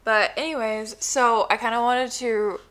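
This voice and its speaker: A young woman talks to her phone camera as a new mother, her voice bright and forward in tone. She rambles, fills gaps with likes and ums, and speaks bluntly when something bothers her. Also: on the high side, steady tone, a little slow. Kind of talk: casual chat to camera.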